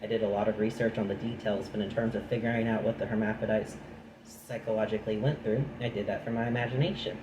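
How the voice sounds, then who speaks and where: A man's voice: fairly low pitch, fairly even intonation, fast. A man reading a nonfiction book aloud, breaking off into chatty, dry asides of his own. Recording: echoey room with noise.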